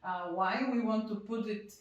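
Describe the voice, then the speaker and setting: A woman, a wine store owner explaining wine regions in halting, careful English. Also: mid-range voice, lo-fi sound. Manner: explanatory, halting non-native phrasing. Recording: very echoey store, mic far off.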